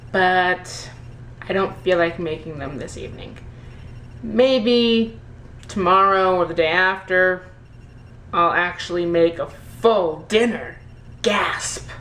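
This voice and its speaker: Woman, casual home vlog, unhurried, rambling, echoey kitchen, faint background hiss. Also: medium pitch. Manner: rambling and self-deprecating, with many fillers. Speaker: daily vlogger. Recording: echoey room with faint noise.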